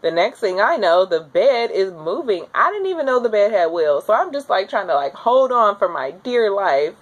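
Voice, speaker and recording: A young woman casually telling her own birth story to camera, acting out her screams and pleas in a high, strained voice. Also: very animated, moderate pace.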